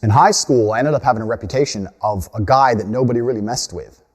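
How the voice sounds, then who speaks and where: A man in his thirties from the United States, telling his life story in a measured, earnest way. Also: medium pitch. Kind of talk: self-told life story in a video. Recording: long hall reverb.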